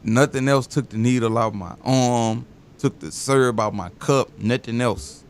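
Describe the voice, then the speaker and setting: A man talking casually as a guest, telling loose, animated stories full of slang. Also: medium pitch, a little slow, clear, resonant tone. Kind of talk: casual interview talk.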